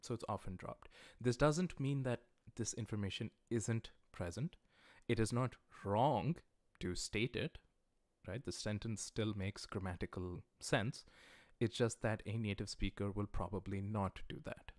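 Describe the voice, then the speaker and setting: In a livestreamed lecture, a man teaches a language class, patiently explaining grammar and slowly repeating example sentences. His voice sits on the low side, with no room sound.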